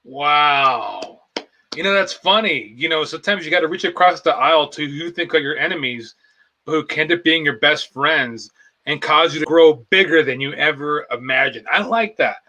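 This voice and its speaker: A man playing a bright, pompous guru host. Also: fairly high pitch, normal speed, poor audio. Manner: pompous, rambling, mock-profound. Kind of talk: improv comedy.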